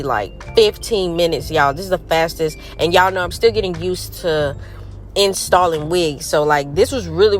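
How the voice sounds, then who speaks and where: Stuffy-nosed young woman, chatty beauty vlogger. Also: low voice. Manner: chatty and upbeat, slangy, addresses viewers as y'all. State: stuffy nose from a cold. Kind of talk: casual vlog chat. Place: room at home.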